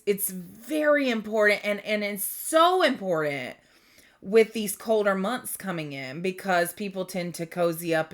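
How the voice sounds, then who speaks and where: A middle-aged woman giving a rambling spiritual tarot reading, gentle and full of fillers and restarts. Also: mid-range voice. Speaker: tarot reader.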